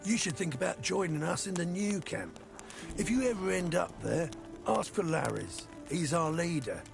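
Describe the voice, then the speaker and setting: Gravelly cocky convict hunter. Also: male voice, on the high side, animated, moderate pace. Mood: sly. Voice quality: gravelly, slangy. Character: rough cocky male convict hunter, sly. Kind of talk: video game dialogue. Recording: game music behind.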